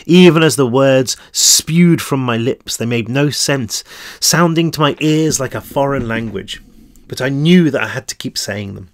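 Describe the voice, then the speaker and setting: A man's voice: medium pitch, measured pace, no echo, clean studio sound. A tired man, the author, reading his own novel aloud in first-person narration.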